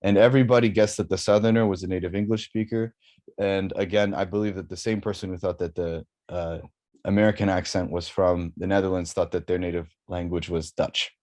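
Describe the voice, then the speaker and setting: Junger Mann, zögernd, tiefe Stimme. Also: male voice, sits low, steady tone, brisk, darkish tone. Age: young adult. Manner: hesitant, many fillers and restarts, apologetic. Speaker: undergraduate student presenter. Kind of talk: academic research presentation.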